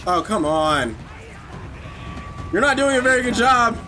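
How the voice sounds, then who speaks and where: A man streaming a horror game, reacting with loud, swearing outbursts and sarcastic commentary. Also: very high voice, expressive, unhurried, soft background music. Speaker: gameplay streamer. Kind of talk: excitable let's-play commentary.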